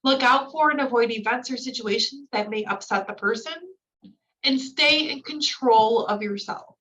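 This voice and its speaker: A woman's voice: a little high, normal speed, bright, forceful tone. A woman giving a recorded staff training lecture, reading points from slides and then explaining them in casual, filler-laden asides. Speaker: new-hire trainer. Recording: distant mic, dull lo-fi sound.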